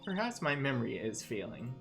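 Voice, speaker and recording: A player reading the part as a cold, imperious chief prosecutor and older sister, her words drawn out slowly and heavily. She sounds in command and unimpressed, with quiet music under the voice. It is a let's-play reading of a game scene. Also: medium pitch, very animated, creaky. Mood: dismissive. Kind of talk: reading game dialogue aloud.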